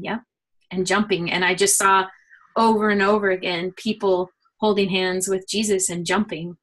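Earnest woman telling her story. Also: medium pitch. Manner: earnest, animated storytelling with many fillers. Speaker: guest. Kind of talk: personal testimony in a conversation.

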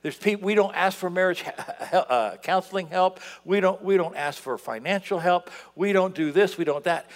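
A man preaching a sermon in a church, animated, swinging between loud outbursts and hushed asides. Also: high voice, moderate pace, few pauses. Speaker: pastor. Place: church sanctuary. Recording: long hall reverb.

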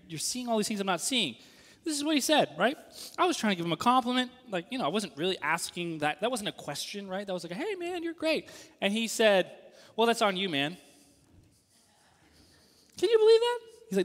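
A man in his thirties telling a story in a sermon, animated and acting out the voices of the people he quotes. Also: high voice, big-room sound.

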